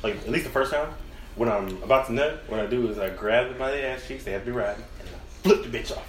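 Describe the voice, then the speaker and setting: A man's voice: medium pitch, fast, heavy background noise. A man hosting a podcast, telling crude stories in casual chat and laughing as he goes. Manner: brash, crude, laughing storyteller. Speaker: podcast host. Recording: roomy echo.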